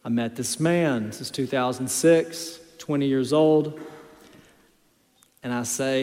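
A man's voice: medium pitch, takes it slowly, pauses often. Emphatic male pastor in a reverberant hall. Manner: emphatic preaching, swings between quiet storytelling and loud exhortation. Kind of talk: sermon.

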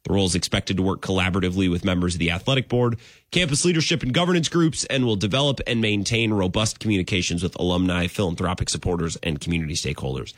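A man hosting a sports talk radio show, rambling and animated with sudden jumps in pitch. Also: fast talker, no echo, studio quality.

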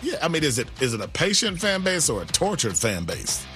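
Lively-voiced male radio co-host. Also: a little high, fairly quick, faint music behind. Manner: agreeable, analytical, animated. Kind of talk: sports talk radio.

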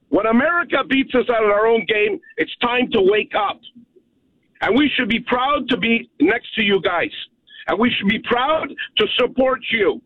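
Caller, male, from Canada, high voice, emphatic ranting, thin dry phone line. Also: dry recording. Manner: emphatic, ranting, keeps asking "okay?". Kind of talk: call-in rant. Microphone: telephone.

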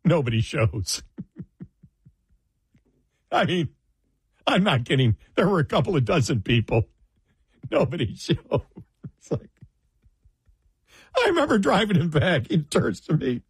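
Older male talk radio host, halting. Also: a little high, very animated, slightly rough, no room sound. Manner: halting, many fillers and restarts, laughs through stories. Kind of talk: casual on-air reminiscing. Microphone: studio microphone.

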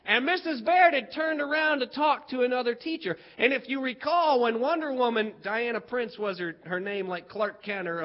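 High-voiced man telling a comic story. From West Virginia. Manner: animated, lively delivery with playful character voices. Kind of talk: humorous storytelling. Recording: dull lo-fi recording.

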